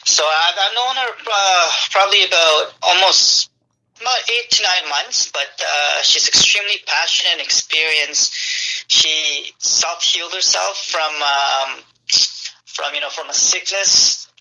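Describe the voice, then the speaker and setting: A man from Winnipeg hosting a radio talk show, relaxed and jokey with lots of fillers. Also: fairly high pitch, measured pace, vocal fry, low-quality recording. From Winnipeg, Canada. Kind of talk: casual chat.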